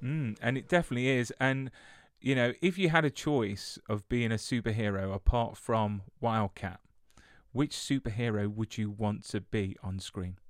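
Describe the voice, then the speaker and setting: A man's voice: fairly low pitch, steady tone, moderate pace, dry recording. Guy hosting a podcast, polite, stumbles a bit, dry close sound. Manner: polite and effusive, stumbling restarts. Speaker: podcast host. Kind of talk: podcast interview.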